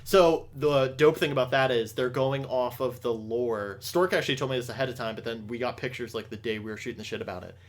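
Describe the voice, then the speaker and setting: Brisk and barely pausing, a young man with a mid-range voice hosts a casual podcast. He rambles, curses often and restarts his thoughts again and again.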